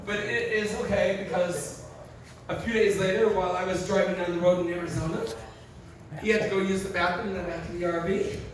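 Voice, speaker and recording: A man's voice: high-pitched, fairly quick. A man performing a stand-up comedy set, telling profane stories and acting out the quotes with lots of energy. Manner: profane, animated storytelling with acted-out quotes. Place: live comedy venue. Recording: very echoey, distant, noisy live room.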